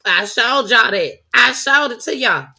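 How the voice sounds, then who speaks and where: A woman's voice: a little high, lively intonation, a little slow, gravelly, sharp tone, breathy edge. A woman hosting a casual chat show, talking loosely and laughing as she speaks straight to her viewers. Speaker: host.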